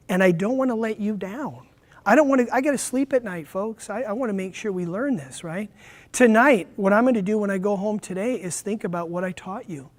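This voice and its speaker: Man giving a lively teacher workshop. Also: high voice, brisk. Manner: lively, talks straight to the audience. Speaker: teacher trainer. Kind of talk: workshop lecture.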